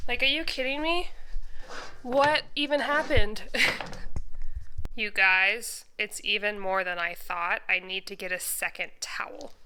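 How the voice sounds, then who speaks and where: A young woman talks through a home vlog in a bright, clear voice, chatty and quick to laugh. She sounds a little out of breath as she goes, and her words come out crisp and lively. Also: medium pitch, rough recording. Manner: chatty, laughs often, exclamatory. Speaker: vlogger. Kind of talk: casual decluttering vlog.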